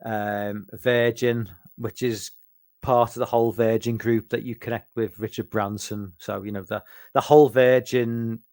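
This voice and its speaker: A tired middle-aged man with a British accent rambles through a late-night Q&A, sweary and full of restarts. His voice sits at an ordinary pitch and sounds dry and close, with no room around it. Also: flat delivery, a little slow, a little mellow, dry recording. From United Kingdom. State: tired, fighting sleep. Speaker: live streamer. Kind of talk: late-night casual Q&A chat.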